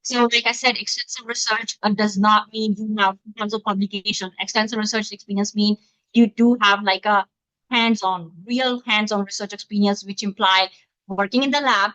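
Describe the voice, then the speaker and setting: A woman from Pakistan giving an online webinar talk as a physician-scientist, speaking quickly from her home through a computer mic set back from her. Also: mid-range voice, steady tone, bright, forceful tone, no room sound. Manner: fast-talking, explanatory. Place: home, in the middle of moving. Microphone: computer mic, not close. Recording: dull lo-fi video call audio.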